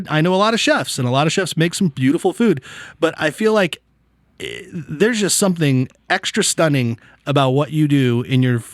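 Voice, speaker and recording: A man hosting a podcast, telling stories in a casual, animated way and acting out what people said. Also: a little high, no echo, clean studio sound. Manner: animated storyteller acting out quotes. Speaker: podcast host. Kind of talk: casual chat.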